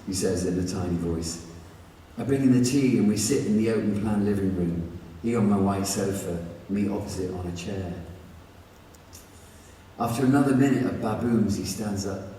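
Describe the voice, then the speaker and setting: A man's voice: fairly low pitch, normal speed, warm tone, a little hiss or hum. A man reading his own novel aloud in the first person, with a wry, conversational delivery. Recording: echoey hall from far off, faint ambience.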